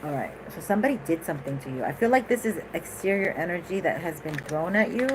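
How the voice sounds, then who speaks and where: A woman's voice: on the low side, lively intonation, fast, noisy background. A woman giving a casual tarot reading in a chatty, rambling way, laughing often and going off on asides. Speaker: tarot reader.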